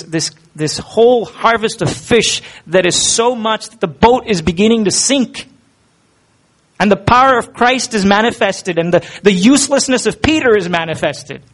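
A man's voice: high-pitched, a bit bright. A man preaching a sermon in an earnest, conversational way, asking the listeners rhetorical questions.

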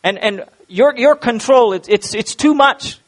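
High-voiced emphatic male preacher. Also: unhurried, rough recording. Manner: emphatic, rhetorical questions, repeats words. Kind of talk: sermon.

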